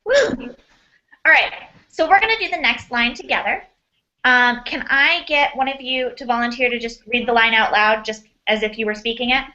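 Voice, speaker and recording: Upbeat bright-voiced woman teacher. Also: on the high side, moderate pace, lo-fi sound. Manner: upbeat, encouraging praise. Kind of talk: online class lesson.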